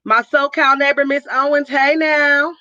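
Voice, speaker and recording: A high-pitched woman with a bright, forceful voice hosts a casual livestream chat, calling out her viewers one by one with upbeat hype. She's from Northern California. The sound is dry and a bit dull, like a lo-fi stream. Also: fairly even intonation, unhurried, no room sound. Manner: upbeat, hypes viewers with call-outs and nicknames. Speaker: livestream host.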